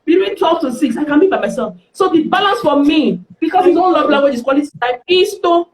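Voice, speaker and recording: A woman's voice: sits high, fast talker. A woman with a Nigerian accent, a guest speaker telling candid stories on a live stream and acting out the dialogue in them. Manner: lively, acts out dialogue in the stories. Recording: roomy echo.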